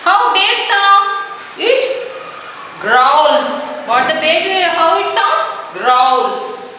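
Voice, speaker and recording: A woman teaching an online lesson to young children, slowly repeating her questions and answers. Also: very high-pitched, sharp tone, slight background noise. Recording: echoey room audio from a distance.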